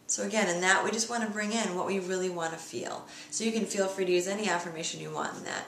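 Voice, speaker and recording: A woman leading a guided tapping lesson, speaking slow repeat-after-me phrases as a coach. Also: lowish voice, steady tone, echoey room, a little hiss or hum.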